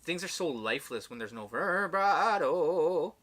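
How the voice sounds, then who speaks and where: Bright-voiced man chatting casually. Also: on the high side, expressive, a little slow. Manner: loose, candid, swears and laughs easily. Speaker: podcast guest, musician. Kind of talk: casual conversation.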